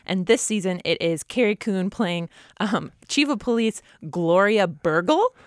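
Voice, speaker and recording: A woman's voice: mid-range voice, lively intonation, no echo. Chatty woman podcast co-host, dry close sound. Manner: chatty, enthusiastic, quick asides. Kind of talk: casual chat. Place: local, but not a Minnesota native.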